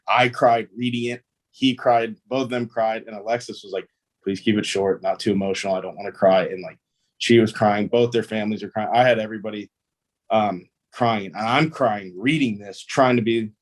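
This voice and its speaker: A young man, a pro ballplayer, telling stories in a casual interview, easygoing and rambling with lots of fillers. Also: fairly low pitch. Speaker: guest, pro baseball player.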